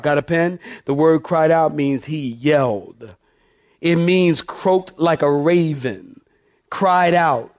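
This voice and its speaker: Pastor guy preaching live in church, kinda high voice, punchy and emphatic, calls out to the crowd. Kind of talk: verse-by-verse sermon.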